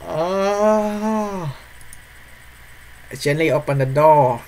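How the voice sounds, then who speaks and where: A man's voice: on the high side, lively intonation, takes it slowly, a little hiss or hum. A male streamer reading a visual novel's text aloud during a live let's play, breaking into startled yelps and nervous laughs. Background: faint game music.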